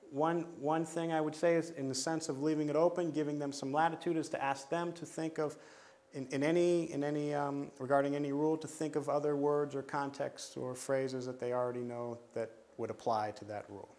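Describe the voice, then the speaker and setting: A man's voice: fairly high pitch, level tone, normal speed, a little mellow. A man training teachers, explaining pronunciation rules step by step in a methodical way, with frequent fillers and restarts. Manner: methodical, repeats steps, many fillers and restarts.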